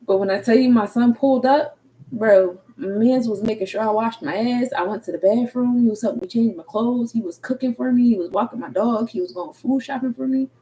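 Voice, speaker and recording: A woman's voice: a little high, a little fast, dark tone, low-quality recording. A woman in her thirties with a Philadelphia accent, talking candidly and casually in slang, cursing freely as a tarot reader and energy coach. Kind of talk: casual livestream talk.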